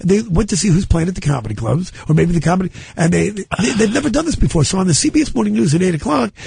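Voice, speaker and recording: Gravelly, fast-talking middle-aged man. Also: high-pitched, very animated, darkish tone, no room sound. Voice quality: gravelly, worn voice. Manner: fast, rambling, self-interrupting. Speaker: comedian guest. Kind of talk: casual radio banter.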